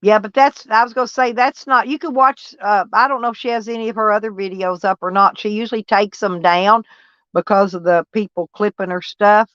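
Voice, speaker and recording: Her voice is mid-range, smooth, and fairly bright, with fairly even intonation and a slightly fast pace. This Southern American vlogger rambles casually while reading live chat and responding to viewers by name, recorded with a dull, lo-fi, dry sound.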